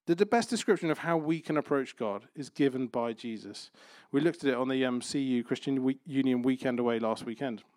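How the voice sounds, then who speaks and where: Man, conversational sermon, light playful asides, mid-pitched, dry close sound. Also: a little fast, few pauses, a little mellow, no echo. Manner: conversational preaching with playful everyday examples. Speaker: pastor.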